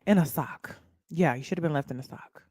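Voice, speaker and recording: A woman's voice: low-pitched, brisk, a little mellow, no room sound, studio quality. A woman, livestreaming and chatting bluntly and mockingly to her viewers. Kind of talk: casual livestream chat.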